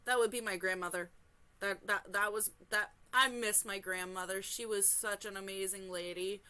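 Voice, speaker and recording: A woman hosting a reaction channel, reading a forum story aloud and breaking off into animated, exclaiming, apologetic asides. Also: mid-range voice, normal speed, clean tone.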